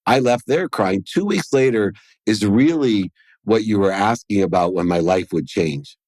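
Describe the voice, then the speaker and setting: A man with a somewhat low voice tells a personal story as a podcast guest. He speaks earnestly and acts out the lines of the people in his tale. The sound is close and dry, with no room echo. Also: lively intonation, a little slow, darkish tone.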